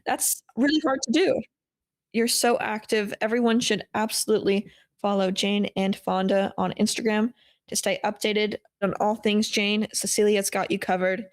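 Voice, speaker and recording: A woman's voice: mid-range voice, steady tone, normal speed, no echo, studio quality. A woman hosting a casual podcast chat, speaking with enthusiasm and heaping praise on her guest. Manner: warmly enthusiastic, full of praise. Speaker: podcast host.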